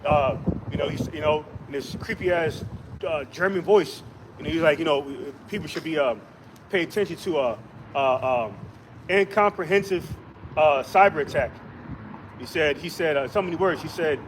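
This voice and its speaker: Rambling man talking outdoors in loud wind. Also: on the high side, normal speed. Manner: rambling, many fillers and restarts. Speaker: street preacher. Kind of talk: outdoor preaching discussion. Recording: loud wind and traffic noise.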